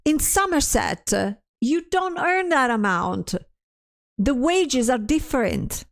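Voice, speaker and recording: A woman's voice: high voice, sing-song, slow pace, vocal fry. A stressed woman streamer in casual livestream chat, ranting, swearing often and restarting her sentences as she reads chat aloud.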